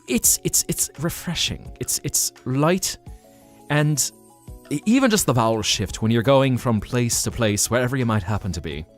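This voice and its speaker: Brief: man hosting a casual live stream, mid-pitched, chatty and animated, laughs easily. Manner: rambling, animated, laughs often, thanks chat.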